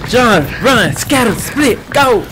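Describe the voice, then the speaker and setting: A reaction video host shouting excited advice at the players on screen. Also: medium pitch, slow, noisy background. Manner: yells advice at the screen, laughs.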